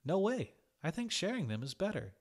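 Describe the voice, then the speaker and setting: Man doing a young woman, shy, earnest, soft-spoken, sincere, storybook. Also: high voice, sing-song, moderate pace, pitched above the performer's own voice, exaggerated voice.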